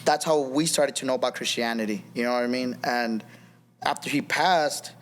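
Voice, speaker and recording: A man's voice: medium pitch, moderate pace, fairly bright tone. A man in his thirties, a podcast guest, telling his personal testimony in a rambling casual way, full of restarts and "you know what I mean".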